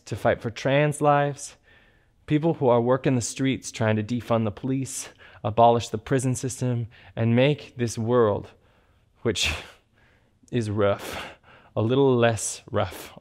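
A man hosting a cabaret livestream, joking campily and turning earnest. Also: medium pitch. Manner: campy, joking, then earnest. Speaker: cabaret host.

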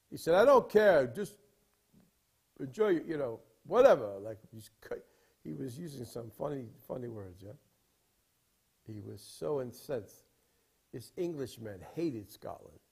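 A man preaching in a rambling storytelling style, emphatic, with sudden swings from loud to quiet. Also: medium pitch, expressive, normal speed, vocal fry, breathy edge. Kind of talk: sermon storytelling.

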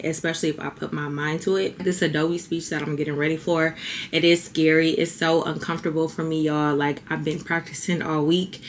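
Young female vlogger, low-pitched, heartfelt and chatty, slightly emotional. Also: a bit bright, a little hiss or hum. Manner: heartfelt, chatty, says y'all. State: a little teary. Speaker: beauty vlogger. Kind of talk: casual vlog talk to camera.

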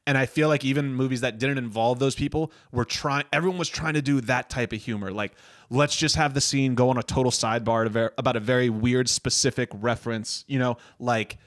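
A man's voice: medium pitch, a little fast, dry recording, studio quality. Laughing man retelling comedy scenes. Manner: animated, retells movie scenes laughing and acting out lines. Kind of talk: casual chat about comedy films.

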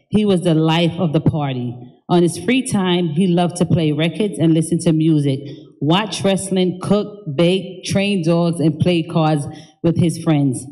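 At a memorial service, a woman speaking as the daughter delivers a heartfelt eulogy, then thanks the mourners who have gathered. Her low-pitched voice is warm, and she is emotional, sometimes stumbling over her words.

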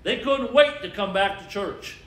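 A man's voice: high voice, unhurried, a bit bright. A man preaching a sermon as pastor, emphatic and asking the congregation to call out answers. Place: church sanctuary. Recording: echoey church with faint ambience.

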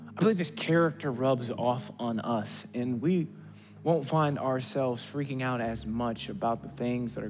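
Animated preaching man in a reverberant hall. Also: medium pitch. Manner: conversational, swinging from hushed to excited. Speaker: pastor. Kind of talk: sermon. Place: church stage.

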